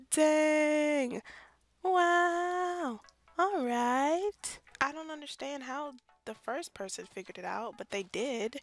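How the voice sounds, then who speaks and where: A young woman casually commenting on her gameplay, chatty and self-deprecating, often laughing. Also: high-pitched. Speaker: gaming YouTuber. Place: bedroom at home.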